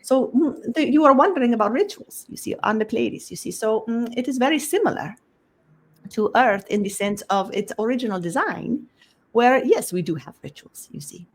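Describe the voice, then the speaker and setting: A woman giving a channeled spiritual talk, speaking as a collective voice, halting and repeating words as she searches for them and closing nearly every phrase with the same tag question. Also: fairly high pitch, lively intonation.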